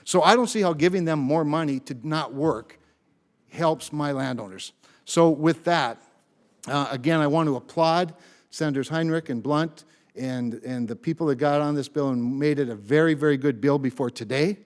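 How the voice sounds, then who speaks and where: Emphatic senator, man, slightly high voice. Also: normal speed. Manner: emphatic, stressing key words. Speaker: senator at a committee meeting. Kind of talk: committee floor remarks.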